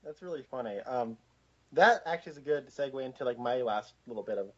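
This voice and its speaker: A man's voice: medium pitch, animated, fast talker. A man co-hosting a podcast, giving blunt, dismissive opinions in casual movie review chat, with lots of filler words. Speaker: podcast co-host. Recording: lo-fi, dull sound.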